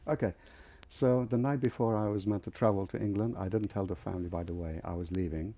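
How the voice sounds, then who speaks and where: A man's voice: fairly low pitch, fast, dark tone. An older man from Lebanon, telling his life story as a vivid storyteller in an interview. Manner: vivid storyteller, acts out other people's voices. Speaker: guest, airline founder.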